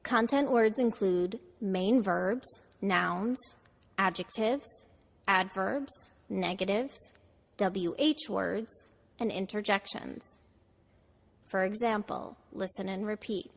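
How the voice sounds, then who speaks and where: Slow, deliberate woman teaching pronunciation. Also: mid-range voice, gravelly. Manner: slow, deliberate, models words for repetition. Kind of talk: scripted lesson narration. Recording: reverberant audio played through a video call.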